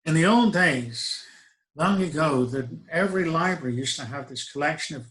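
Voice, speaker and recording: A man's voice: fairly high pitch, expressive, normal speed, fairly bright tone, poor audio. A middle-aged man, telling a personal story in a reflective, wry way with hesitant restarts. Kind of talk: first-person spoken storytelling.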